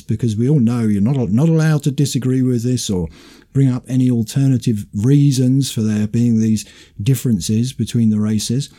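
A man's voice: medium pitch, mellow. A man hosting a political commentary show, making dry, sarcastic remarks. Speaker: host.

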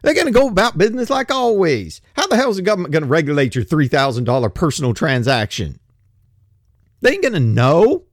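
Ranting man, lively pitch. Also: a little fast, dry recording, studio quality. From United States. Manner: blunt, ranting, profane, with rambling asides. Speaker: commentator. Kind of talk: solo opinion monologue.

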